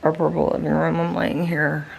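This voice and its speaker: A woman's voice: little pitch movement, moderate pace, gravelly, breathy edge. A woman vlogging casually from her living room, tired and nursing a migraine, rambling with plenty of fillers. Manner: rambling, low-key, lots of fillers. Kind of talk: casual daily vlog chat.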